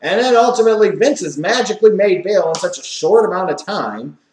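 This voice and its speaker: A man's voice: sits high, animated, fairly quick, a little mellow, echoey room. A man giving an opinionated solo wrestling review, ranting and swearing in exasperation.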